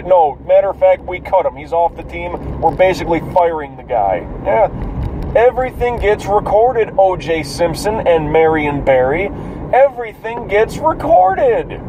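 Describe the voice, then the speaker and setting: Guy talking to himself while driving, kinda sleepy, swears a lot, bit high voice, loud road hum. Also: expressive, unhurried. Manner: profane, rambling, self-amused. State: drowsy, yawning. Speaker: vlogger musing while driving. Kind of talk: casual rambling monologue. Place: in a car, driving. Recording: loud car road noise.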